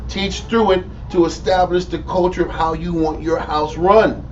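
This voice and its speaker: A man with a Texas accent, teaching the Bible informally in an animated, profane way and mimicking people. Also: high voice, normal speed. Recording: lo-fi room recording from a distance with faint noise.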